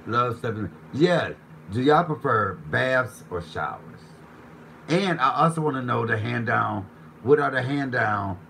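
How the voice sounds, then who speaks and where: A man with a fairly low voice runs a casual live cooking stream from his home kitchen. He reads out viewer comments, jokes freely and keeps the banter going. A faint bit of room ambience sits under his voice. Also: a bit bright, slight background noise, poor audio. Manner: playful, joking, chatty.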